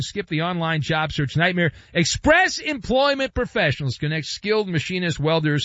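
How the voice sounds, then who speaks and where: A man's voice: a little high, a bit bright, dry recording, lo-fi sound. A man hosting a radio show, talking in a theatrical, playful way and reading live ads. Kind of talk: bombastic talk radio with live ad reads.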